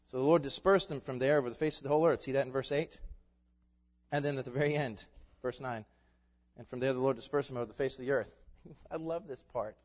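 A man preaching a sermon, animated, with loud emphatic peaks and laughing asides. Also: mid-range voice, fast talker. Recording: dull reverberant hall sound.

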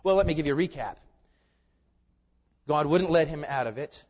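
A man with a high voice preaches a sermon and keeps putting rhetorical questions to his listeners. He swings from loud emphasis to quiet, confiding asides. His voice rings through a hall with long reverb, and the recording sounds dull and lo-fi. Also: expressive, moderate pace. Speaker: pastor. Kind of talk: expository sermon.

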